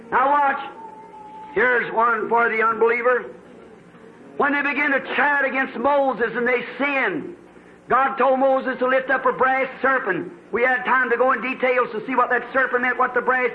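High-voiced preacher on old tape. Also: male voice, slight background noise. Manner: folksy storytelling, rising to fervent exclamations. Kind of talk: sermon. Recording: dull lo-fi archival sermon tape.

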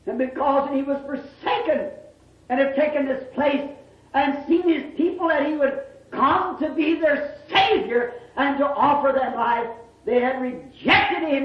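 A preacher giving an impassioned sermon, drawn-out and emphatic, bursting into shouts on key words. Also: sits high, slight background noise. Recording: dull, echoey old sermon recording.

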